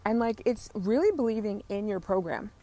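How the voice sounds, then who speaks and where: A woman's voice: lively intonation, normal speed, mellow. A young adult woman hosting a spiritual business podcast, talking in a casual, effusive, motivational way while walking outside through her neighborhood, with casual swearing. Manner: effusive, swears casually, coos high at cats.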